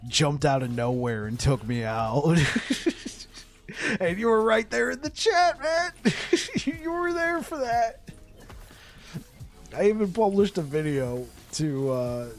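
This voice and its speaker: A man chatting casually with viewers on a live game stream. He laughs often, repeats words as he goes, and gets excited when telling a story. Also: mid-range voice.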